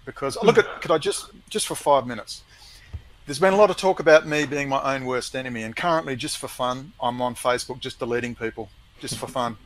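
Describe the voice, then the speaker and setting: A man's voice: mid-range voice, fairly bright tone, low-quality recording. A man ranting emphatically and scornfully in a heated conversation, with many restarts.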